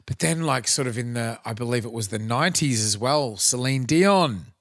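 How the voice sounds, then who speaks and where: A man with an Australian accent chats loosely on a podcast, swearing freely and restarting his sentences as he goes. His voice sits at a middle pitch for a man, close to the mic in a dry room. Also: expressive, normal speed, fairly bright tone, dry recording. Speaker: podcast co-host. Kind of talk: casual chat.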